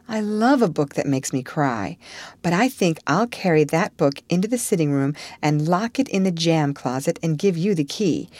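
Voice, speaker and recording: A woman's voice: fairly low pitch, a little mellow, no echo. Imaginative young girl who talks a stream, eager and a bit dramatic, read by a woman. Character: chatty imaginative young orphan girl, Anne.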